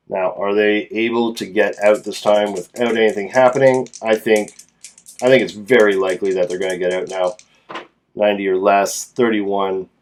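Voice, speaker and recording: A man casually narrating and playing a solo tabletop game as game master, thinking aloud as he rolls dice. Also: lowish voice.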